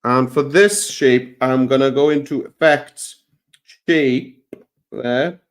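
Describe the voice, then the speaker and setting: A man co-presenting a live software lesson, demonstrating steps in a relaxed, teasing way. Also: mid-range voice, slow.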